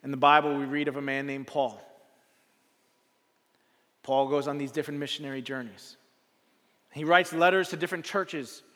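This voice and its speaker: A man preaching a sermon as a pastor, telling a story with dramatic swings from loud to hushed and repeating his phrases for effect. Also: on the high side, steady tone, normal speed, long pauses. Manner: repetitive rhetorical phrasing. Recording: long reverb of a large hall.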